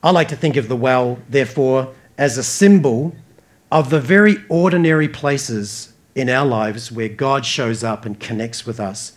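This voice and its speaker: A man's voice: medium pitch, a little slow. Earnest Australian preacher man. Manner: earnest preaching with emphatic swells and soft drops. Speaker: pastor. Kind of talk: sermon.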